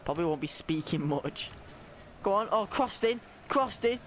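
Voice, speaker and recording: A young man giving live, excitable commentary on his own gameplay, often shouting and squealing as his voice cracks high. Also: normal speed, a little hiss or hum. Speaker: gaming YouTuber.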